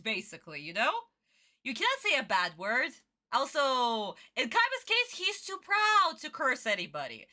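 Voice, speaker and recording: This anime-reaction streamer is a young woman whose high, sing-song voice sounds bright and forceful at a normal speed. She chats casually but emphatically, pressing her opinions and repeating things often.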